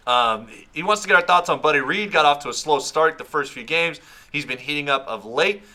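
A man's voice: a little high, animated, fairly quick, bright, forceful tone. A man co-hosting a casual sports podcast, with a dry, teasing way of talking. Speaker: podcast co-host.

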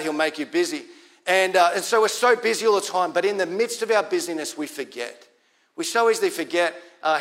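A man's voice: fairly high pitch, fairly bright tone. A man with an Australian accent preaching a sermon as pastor, in a conversational way, repeating key lines for emphasis.

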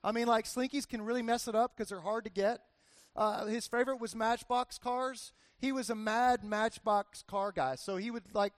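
A man's voice: extremely high pitch, steady tone, fairly quick, dry recording. A man in his forties giving a casual, conversational sermon as a pastor, telling personal stories with lots of "like" and "right?" asides.

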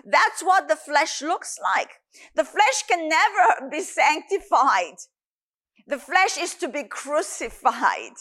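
A woman's voice: high-pitched, bright, forceful tone. A woman preacher delivering an earnest sermon with repeated, emphatic phrasing.

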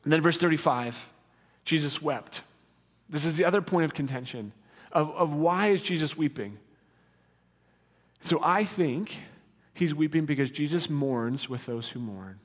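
A man's voice: a little high, lively intonation, measured pace, long pauses, long reverb tail. A man preaching a sermon in an earnest, conversational teaching manner with rising emphasis. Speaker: pastor.

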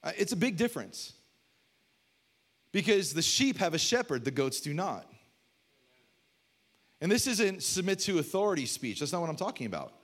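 A man preaching a sermon as a pastor, telling funny stories with sudden loud bursts. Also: moderate pace, long pauses. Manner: storytelling with humor, animated swings from low to loud.

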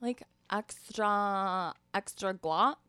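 A woman's voice: mid-range voice, drawn-out words, pushed and bright, clear, resonant tone, no room sound. A woman playing an entitled, demanding customer in an improv comedy sketch, filling her speech with "like" and swearing. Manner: valley-girl talk with lots of "like", swearing.

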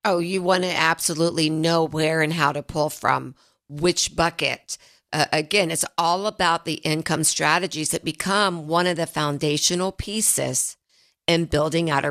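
A woman's voice: low-pitched, gravelly, fairly bright tone. A woman financial advisor hosting a radio talk show, telling stories in an earnest, chatty way. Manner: storytelling, earnest. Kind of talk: casual radio chat.

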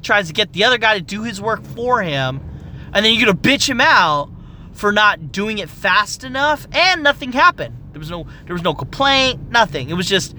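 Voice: mid-range voice, sing-song, normal speed, sharp tone, a little hiss or hum. A young adult medical office worker ranting in a heated, profane, exasperated monologue.

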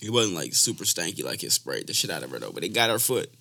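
A man's voice: deep voice, sing-song, fast talker, vocal fry, bright, forceful tone. Slangy man telling loose stories. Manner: loose slangy storytelling, swears freely. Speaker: podcast host and rapper. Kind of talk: casual chat.

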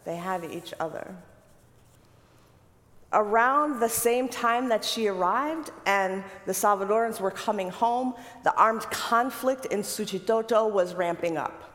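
A woman preacher telling a story from the pulpit in an unhurried, vivid way. She repeats phrases for weight and her pitch sits in a middle range. Her voice carries a long hall reverb. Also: a bit bright. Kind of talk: sermon storytelling.

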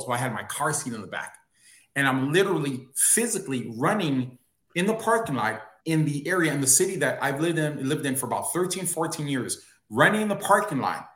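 A man's voice: mid-range voice, fairly bright tone. A man, a guest on a talk show, earnestly telling a personal story. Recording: roomy echo on his voice.

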